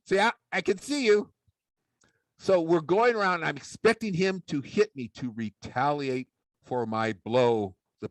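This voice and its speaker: A man telling a humorous personal story as a public speaker, animated and acting out the voices of the people in it. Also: on the high side, no room sound, poor audio. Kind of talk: storytelling speech.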